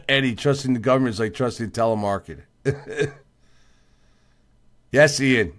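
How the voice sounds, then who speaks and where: This livestream host is a worn-out man who responds to viewers by name, emphatic and repetitive, with the odd yawn. He speaks at a measured pace in a medium-pitched, fairly bright voice.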